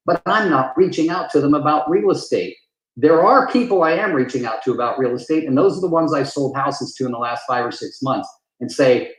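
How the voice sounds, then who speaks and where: A man's voice: mid-range voice, lively intonation, normal speed. Earnest man in an echoey room. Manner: earnest, emphatic, repeats phrases for weight. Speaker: real estate coach. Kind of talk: live town hall talk. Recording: roomy echo.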